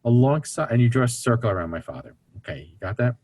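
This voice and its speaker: Very animated and quick, a man with a mid-range, darkish voice speaks as an interview guest on recovery ministry. He lays out family dynamics in an earnest teaching tone, performing the voices of the people he quotes.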